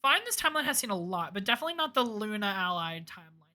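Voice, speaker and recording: A young woman streamer giving emotional let's play commentary, moving between loud wails and low murmurs, swearing freely. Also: sing-song, racing. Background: lofi music.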